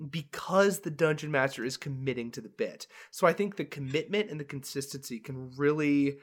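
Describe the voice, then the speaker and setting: A young man co-hosting a casual podcast chat, animated and laughing as he drops into silly character voices. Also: fairly high pitch, moderate pace, hardly any pauses. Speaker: podcast co-host, dungeon master.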